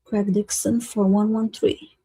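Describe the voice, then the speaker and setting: A woman with a mellow, slightly husky voice talks slowly and easily on a live reading stream, laughing often between her words. Her voice is close and dry. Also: mid-range voice, little pitch movement, no room sound, low-quality recording. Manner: giggly and easygoing, laughing often between phrases. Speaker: psychic reader co-hosting a live reading stream. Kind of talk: casual live-stream chat.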